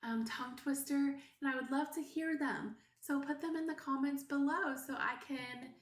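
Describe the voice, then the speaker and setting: A preschool teacher, a woman, giving parents an unhurried, explanatory lesson with frequent fillers. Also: high-pitched, steady tone. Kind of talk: instructional video for parents. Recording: echoey room.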